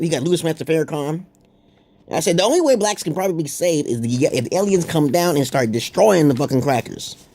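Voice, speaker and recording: This male online commentator has a voice on the high side with a darkish tone. Swearing and combative, he rambles at his viewers, frequently tacking on an "okay?"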